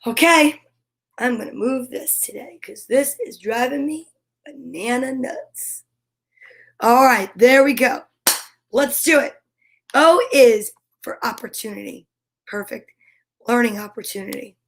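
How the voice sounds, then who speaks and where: A woman with a high voice and some vocal fry reads a children's picture book aloud at a slow, unhurried pace. She brings the story to life with animal noises.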